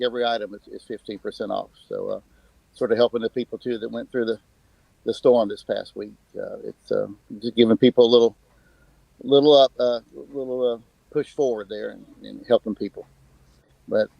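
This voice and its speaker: A man gives a casual, plainspoken sales pitch with plenty of fillers. His voice is gravelly and mid-pitched, and the sound is dry and close. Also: darkish tone, no echo, poor audio. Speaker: guest, business owner.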